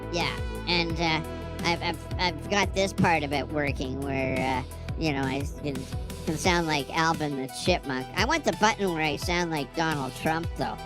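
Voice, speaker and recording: Chipmunk pitch filter; chatty ramble, clear music behind. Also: male voice, normal speed. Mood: joking. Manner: rambling, casual. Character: the man himself sped into a chipmunk squeak. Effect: high chipmunk pitch-shift filter. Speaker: livestream host.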